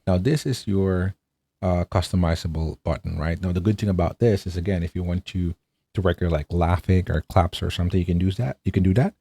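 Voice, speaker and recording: A man's voice: low voice, steady tone, fairly quick, dark tone. A man casually reviewing an audio mixer, chatty and upbeat, often checking in with "right?". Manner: chatty, enthusiastic, fillers and rhetorical "right?". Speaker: tech reviewer.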